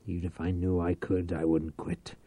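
A man voicing a ruthless, driven schemer who talks in a curt, low growl. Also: flat delivery, moderate pace, mellow, no echo. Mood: grim.

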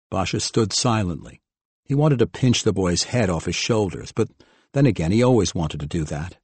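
Low-voiced male audiobook narrator. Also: lively intonation, normal speed, a little mellow, husky, no room sound. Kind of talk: scripted narration.

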